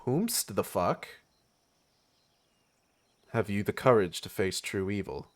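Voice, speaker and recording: Lively, joking male game streamer. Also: fairly low pitch, takes it slowly. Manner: profane, jokey asides. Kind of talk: livestream gameplay commentary.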